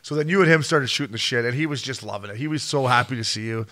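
A man in his thirties co-hosting a podcast, excitedly telling stories in casual chat and acting out the quotes. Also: medium pitch, quick pace. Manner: excitable storyteller, acts out quotes. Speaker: podcast co-host.

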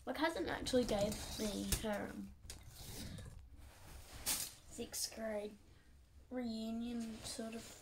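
A chatty Australian teenage girl rambles about herself while tidying her bedroom, quick and self-mocking, slipping into whispers now and then. Her voice comes from a few steps away from a phone mic. A steady hiss runs under everything. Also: on the high side, distant mic. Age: teens. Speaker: vlogger.

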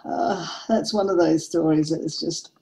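A chatty woman in her forties tells a story while working on a craft project. She laughs often and keeps an easy, rambling pace. Her voice sits a little low, with a warm, mellow tone. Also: fairly even intonation, normal speed, low-quality recording. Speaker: craft vlogger.

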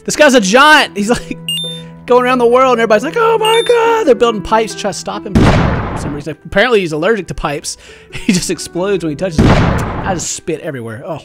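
A man giving excitable let's play commentary at home, yelping and laughing at the games he plays. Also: high-pitched, quick pace, over loud music. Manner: excitable, yelps and laughs at the game. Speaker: gaming YouTuber.

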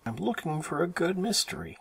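A man's voice: on the high side, big pitch swings, a little fast, vocal fry, fairly bright tone, husky, pitched above the performer's own voice, exaggerated voice. A man voicing a teasing, mischievous boy bear cub in a storybook reading. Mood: eager. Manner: sing-song teasing.

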